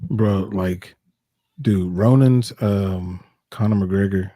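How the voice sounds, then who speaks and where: A man's voice: sits low, slow, mellow, no echo. A man co-hosting a casual livestream, laid-back and slangy in how he talks. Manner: laid-back, slangy, says dude and bro. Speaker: podcast co-host.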